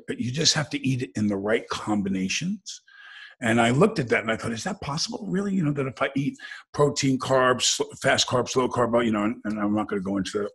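A man with a gravelly, husky voice, chatting as a guest and telling stories in a lively, joking way. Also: on the low side. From United States. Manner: storytelling, animated, jokey. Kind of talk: casual conversation.

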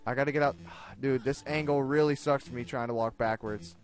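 A young man commenting on his own gameplay, excitable, self-mocking, and given to shouting at the game. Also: mid-range voice, brisk, soft background music. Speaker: gaming video host. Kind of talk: let's play commentary.

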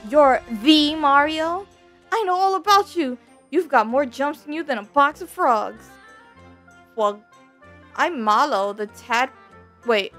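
A woman's voice: high voice, a bit bright. Woman doing Mallow, a whiny crybaby cloud boy. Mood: eager. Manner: whiny, sobbing, overdramatic. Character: crybaby young male cloud creature, whiny and sweet. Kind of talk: reading game dialogue aloud in voices.

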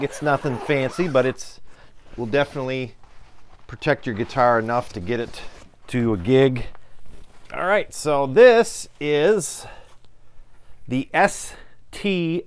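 A man with a Midwestern American accent reviewing a guitar in a relaxed, chatty way, filling pauses with ums and uhs. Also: medium pitch, clear, resonant tone. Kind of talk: casual product review.

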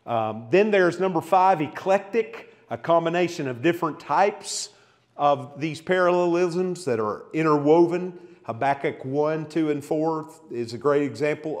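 Brief: male Bible study teacher, slightly high voice, lively scripture reading, church hall echo. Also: unhurried. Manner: reads scripture aloud with rising emphasis, asks the class questions. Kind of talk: expository Bible lesson.

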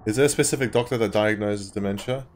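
A man's voice: lowish voice, quick pace, a little mellow, a little hiss or hum. A man streaming a game, rambling and apologetic, laughing often and filling gaps with ums. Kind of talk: casual live-stream chat.

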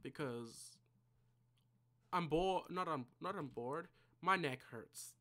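Slow, mumbling gameplay commentator. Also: mid-range voice, pushed and bright. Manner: mumbling, thinking aloud to self. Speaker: gaming channel creator.

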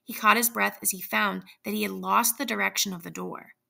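Bright gravelly woman reading a story. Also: medium pitch, fairly even intonation. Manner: measured storytelling. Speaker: reader. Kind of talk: story read aloud.

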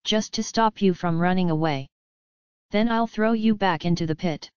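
A woman voicing a proud, quick-tongued young male traveler in an audiobook. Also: fairly low pitch, a little mellow, clear, resonant tone, dry recording, highs cut off, close to an everyday voice. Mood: wary.

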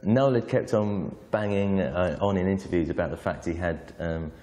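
Deep, dark-voiced man in a reverberant room. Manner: measured, with hesitations. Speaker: interviewee. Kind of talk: reflective commentary.

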